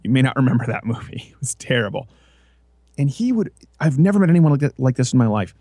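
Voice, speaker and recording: A man's voice: medium pitch, expressive, rapid-fire, a little mellow, no room sound. A man hosting a casual talk show, rambling and joking as he tells stories. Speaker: podcast host. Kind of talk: casual chat.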